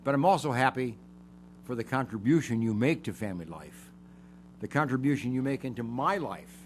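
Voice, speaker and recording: An older man lectures on family and self-esteem, working through numbered points. He leans on key words and repeats them, and his pitch swings widely. A faint hiss sits under the recording. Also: expressive, a little fast. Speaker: psychology show host. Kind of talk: lecture-style teaching.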